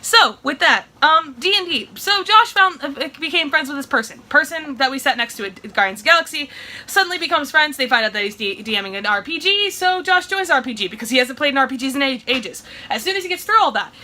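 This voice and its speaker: A high-pitched young woman with a Midwestern accent rambles through a story in a casual vlog. She talks quickly and giggles often. Her bright voice stays chatty and loose. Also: expressive. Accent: Midwestern American. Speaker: vlogger. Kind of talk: casual vlog chat while cooking.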